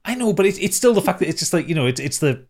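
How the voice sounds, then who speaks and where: A man's voice: on the high side, very animated, racing, a little mellow. Rambling man on a podcast. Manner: rambling, swears casually, many fillers. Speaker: podcast co-host. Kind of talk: casual chat.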